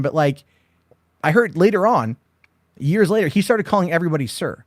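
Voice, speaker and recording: A man's voice: fairly high pitch, animated, a little fast, dry recording, clean studio sound. Rambling, profane man telling stories. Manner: rambling, profane, storytelling with acted-out quotes. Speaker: host. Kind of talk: casual movie chat.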